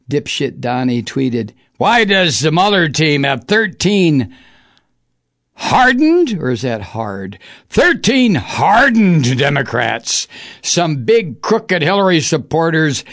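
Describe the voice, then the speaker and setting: Male host, sarcastic political ranter, slow delivery, lively swooping pitch, profane. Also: no echo. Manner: sarcastic and mocking, with sudden high jeering outbursts. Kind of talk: profane political monologue reading news aloud.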